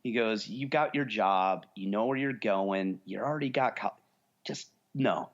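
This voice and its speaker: In a muffled recording, a podcast co-host in his forties talks at a measured pace with a lowish voice. He's a rambling storyteller in casual conversation, voicing the people he quotes.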